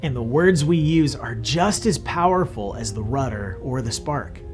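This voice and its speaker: A man's voice: mid-range voice, lively intonation, a little slow, over loud music. Friendly young man teaching kids. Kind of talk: scripted kids lesson.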